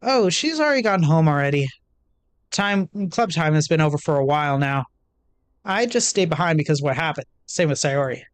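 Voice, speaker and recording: A poised, responsible club president girl, measured and composed in every line, voiced by a woman close to her own voice. The tone sits low for a woman, in a dry, close sound. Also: animated, no echo. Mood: matter-of-fact.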